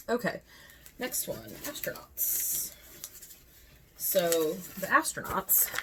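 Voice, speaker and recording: Gravelly-voiced chatty Midwestern woman. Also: on the low side, a little hiss or hum. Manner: chatty, self-correcting, talks to herself while handling items. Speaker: cross-stitch vlogger. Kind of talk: casual show-and-tell chat. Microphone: phone camera.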